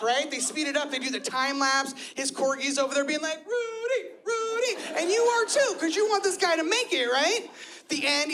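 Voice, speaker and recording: A woman in her thirties, high-voiced, does chatty and self-deprecating stand-up live on a club stage, acting out quoted voices with energy. The club audio is noisy in the background, with the crowd laughing.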